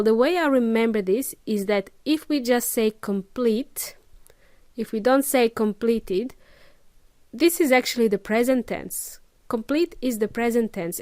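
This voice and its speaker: Patient, slow-paced woman teaching English. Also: fairly high pitch, clear, resonant tone, no echo. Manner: patient, checks in with listeners often. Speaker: English teacher, podcast host. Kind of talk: casual spoken lesson.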